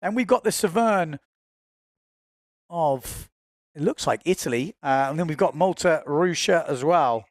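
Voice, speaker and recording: High, gravelly male race commentator. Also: animated, a little slow, long pauses, no room sound, studio quality. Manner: chatty, informal, self-correcting. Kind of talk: live sports commentary.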